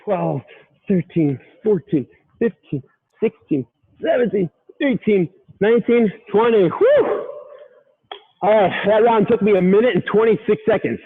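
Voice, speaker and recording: A man leads a live workout with a high, bright voice, counting reps and cheering the listener on. He gets winded between rounds. The sound is thin and tinny, like a phone line. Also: moderate pace, husky. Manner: upbeat, counting reps and urging on. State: out of breath at times. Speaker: fitness coach.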